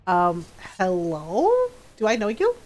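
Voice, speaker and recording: A woman's voice: on the low side, sing-song, slow pace, darkish tone, rough recording. A woman streaming a game, chatting casually, laughing often and acting out quotes from people she talks about. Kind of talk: casual gameplay chat.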